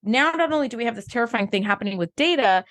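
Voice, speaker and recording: A woman co-host with a slightly raised pitch chats casually about an episode. She talks with enthusiasm and breaks off into personal stories. Now and then she swears offhandedly. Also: expressive, rapid-fire, a bit bright. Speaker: podcast co-host. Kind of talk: casual episode recap chat.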